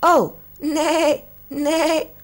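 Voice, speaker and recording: A woman doing a high croaky little frog. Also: level tone, extremely slow. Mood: eager. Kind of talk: storybook reading for children.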